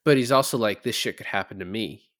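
A man's voice: lowish voice, quick pace, a bit bright, dry recording, clean studio sound. A young man co-hosting a podcast, chatting casually about a movie, rambling with lots of fillers and restarts. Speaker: podcast co-host.

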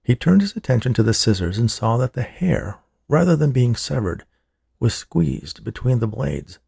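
A man reading a horror story aloud as scripted narration, in a measured, deliberate manner. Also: mid-range voice, animated, creaky, warm tone, breathy edge, no room sound, clean studio sound.

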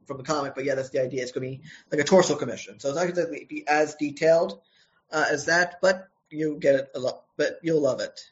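A man's voice: a little high, fast, lo-fi sound. A man, a comic book writer and co-creator, answering interview questions in a casual, hesitant way.

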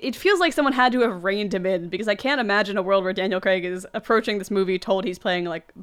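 A woman with a smooth, clear voice walks through a film's plot on a casual podcast. She talks loosely, with fillers and little laughs, at a middling pitch. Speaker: podcast host. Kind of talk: casual movie podcast chat.

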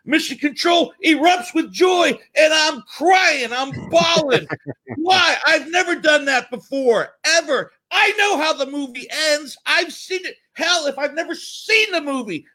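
A middle-aged man hosting a podcast, telling stories in an animated way, laughing and jumping up in pitch when excited. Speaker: podcast host. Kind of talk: casual storytelling monologue.

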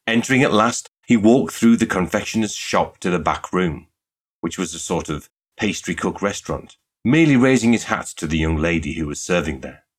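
A male audiobook narrator reads a classic detective story as scripted narration, measured and even. His very low voice has a husky edge, and he stays calm and unhurried throughout.

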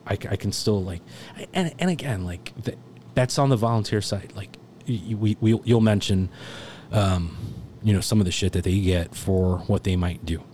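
A man's voice: fairly low pitch, moderate pace, mellow, a little hiss or hum. A man in his thirties, a firefighter guest telling a story in a loose, profane, rambling way and laughing often. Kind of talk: casual storytelling.

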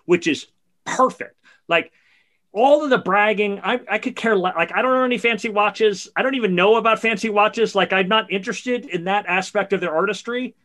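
A man with a high, bright, forceful voice talks songs as a podcast co-host. He is animated and eager, quick to laugh, and fills his sentences with "like" as he gushes. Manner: chatty with many "like" fillers. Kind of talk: casual music chat.

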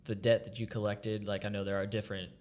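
A man's voice: fairly low pitch, little pitch movement, fast talker, a little mellow. A man hosting a casual podcast, an easygoing interviewer who laughs often. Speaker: podcast host. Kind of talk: casual chat.

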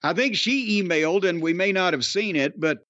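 Middle-aged male podcast host with a higher voice, grumbling and cursing his way through chat, recorded muffled and dry. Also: expressive, brisk, a bit bright, no room sound. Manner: blustery, profane, grumbling rants.

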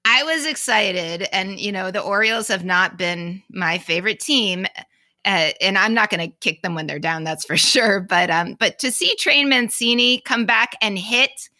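A woman's voice: mid-range voice, moderate pace, pushed and bright, no room sound, studio quality. A woman co-hosting a casual sports podcast, blunt and swearing freely, laughing often. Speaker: podcast co-host. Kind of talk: casual chat.

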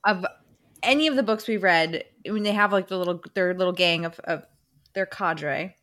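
A woman co-hosting a book podcast, thinking aloud in a relaxed, enthusiastic way. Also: lowish voice, moderate pace. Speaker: podcast co-host. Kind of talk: casual book chat.

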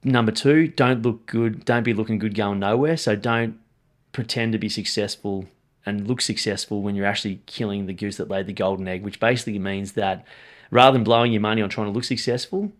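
Fast-talking Australian man, low voice. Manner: energetic, talks fast, says mate often. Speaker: podcast guest, strength and conditioning coach. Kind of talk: casual interview chat.

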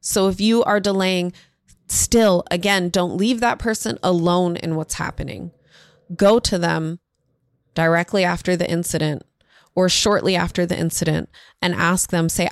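A woman's voice: lowish voice, steady tone, normal speed, no room sound, studio quality. A woman hosting a parenting podcast who gives earnest, direct advice and talks to her listeners as "y'all". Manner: direct, warmly instructive, addresses listeners as y'all.

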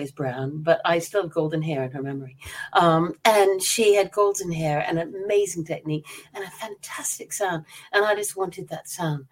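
A woman's voice: on the low side, darkish tone. Older woman, mixed American-English accent. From United States. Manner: chatty, self-deprecating, laughs often. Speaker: author guest. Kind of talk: podcast interview answers.

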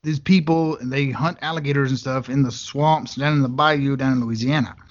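A man's voice: mid-range voice, fairly even intonation, a little fast. West texas guy hosting a podcast, rambly jokey chat, kinda muffled. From West Texas, USA. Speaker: podcast host. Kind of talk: casual chat. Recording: dull lo-fi sound.

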